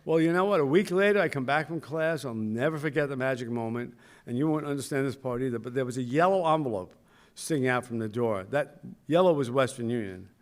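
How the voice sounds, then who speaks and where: Older male speaker, storytelling ceremony address, self-deprecating, mid-pitched voice. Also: animated, brisk. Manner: storytelling, self-mocking, acts out quoted voices. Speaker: school founder giving a speech. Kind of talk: anecdotal ceremony speech.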